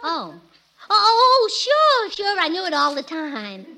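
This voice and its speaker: A woman's voice: very high voice, wildly swooping pitch, takes it slowly, crowd noise, rough recording. A woman with a scatterbrained, earnest comic delivery, performing in a 1940s radio comedy.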